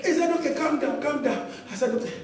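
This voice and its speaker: Animated Nigerian woman preaching in an echoey church. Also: high voice, quick pace. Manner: animated storytelling with laughter and emphatic exclamations. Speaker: pastor. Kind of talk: sermon. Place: church auditorium. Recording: echoey church hall, distant mic.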